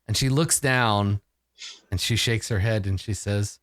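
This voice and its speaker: A man narrating as game master of a tabletop game, in a loose, quick manner with fillers. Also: fairly low pitch, a bit bright, no room sound, studio quality.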